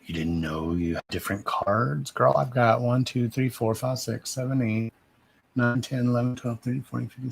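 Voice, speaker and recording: A man's voice: mid-range voice, moderate pace, vocal fry, breathy edge. A man, mumbling as he chats casually and profanely on a livestream as a card reader. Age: 30s. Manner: profane, rambling and self-deprecating.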